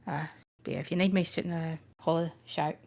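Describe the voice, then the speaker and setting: A woman's voice: deep voice, steady tone, brisk, vocal fry, a little mellow. Woman voicing a friendly fey healer man. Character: kind tall glowing male fey healer.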